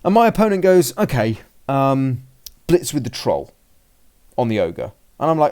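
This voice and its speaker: A man's voice: mid-range voice, sing-song, normal speed, darkish tone. Man rambling through a game recap. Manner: rambling, restarts, acts out his own and his opponent's lines. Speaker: podcast host recounting a game. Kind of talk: casual chat, play-by-play recap.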